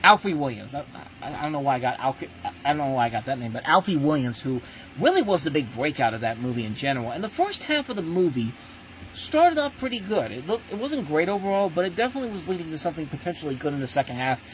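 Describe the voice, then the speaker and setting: A man's voice: a little high, big pitch swings, quick pace, low-quality recording. Man, movie review host, casual spoken review, blunt, ranting, restarts sentences, faint background noise.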